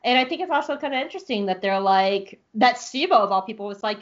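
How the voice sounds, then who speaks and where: A woman co-hosting a podcast, recapping an episode in an excitable, gushing way with playful asides. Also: on the high side, quick pace, lo-fi sound. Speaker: podcast co-host.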